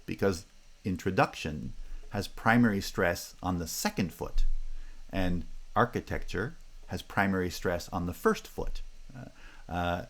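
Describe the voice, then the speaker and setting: A man lecturing on phonetics, speaking carefully and repeating example words slowly, with frequent fillers. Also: low-pitched, a bit bright.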